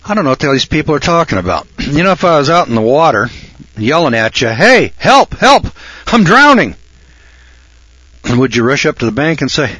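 A man in his sixties hosting a radio program, talking in a folksy, cocky monologue that swings from low mutters to loud shouts. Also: lively intonation, quick pace, breathy edge, no echo. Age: 60s. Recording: dull lo-fi dry recording.

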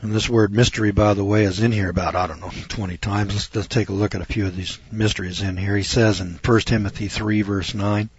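A man's voice: lowish voice, steady tone, normal speed, breathy edge, no echo. A middle-aged man, a lawyer, giving a folksy, sarcastic lecture on Bible passages and spinning courtroom stories as he goes. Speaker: lawyer teaching scripture. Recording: dull lo-fi recording.

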